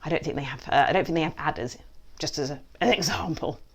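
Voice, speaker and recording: A woman's voice: low-pitched, quick pace. A woman hosting a playful children's quiz from her basement, joking and trying silly accents. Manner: animated, jokey, with mock accents and asides. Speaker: quiz host, children's author. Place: basement at home.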